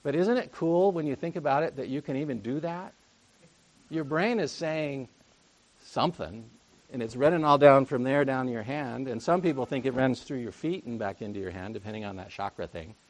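A man's voice: medium pitch, normal speed. A man preaching a conversational sermon, full of jokey asides and rhetorical questions to the congregation.

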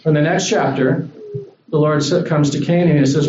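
A man preaching a sermon to a congregation as a visiting speaker, in a relaxed, conversational way that rises when he voices the lines he quotes. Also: a little high, fairly quick, roomy sound, distant mic, muffled recording, noisy background. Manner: conversational, animated when voicing God. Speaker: guest preacher.

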